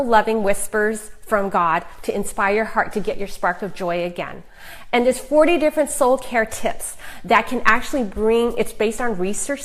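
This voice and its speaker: A middle-aged woman author giving a chatty, emphatic live talk of faith encouragement to viewers, with fillers and quick asides. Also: on the high side, fairly bright tone, rough recording. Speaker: author and Christian speaker.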